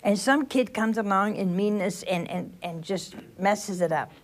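An older woman, a religious sister, giving a homely sermon, telling stories and asking the listeners questions. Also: mid-range voice. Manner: slow storytelling with rhetorical questions to the listeners.

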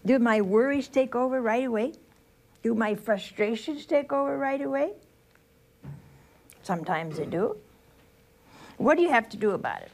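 A woman's voice: fairly high pitch, lively intonation, a little mellow. An older woman, a religious sister, giving a homely sermon, telling stories and asking the listeners questions. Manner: slow storytelling with rhetorical questions to the listeners.

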